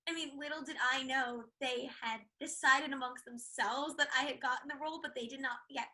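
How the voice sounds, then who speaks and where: A woman's voice: high voice, fairly even intonation, sharp tone, rough recording. A young American woman in a casual interview, telling stories in a bubbly, rambling way with lots of "like" fillers. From United States. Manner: bubbly, fast-rambling storyteller with frequent laughs and filler likes. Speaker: actress, interview guest.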